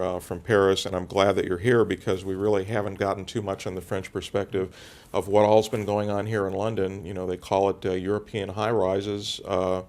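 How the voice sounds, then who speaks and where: A man's voice: on the low side, a little mellow. A man with a Midwest American accent, interviewing a guest in a casual, friendly way. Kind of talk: conference interview.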